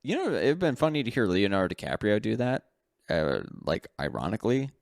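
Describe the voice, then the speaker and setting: Fairly low-pitched, very animated and slightly fast, a man with vocal fry co-hosts a podcast in casual conversation. He rambles, revises what he says and laughs frequently, all recorded dry with clean studio sound.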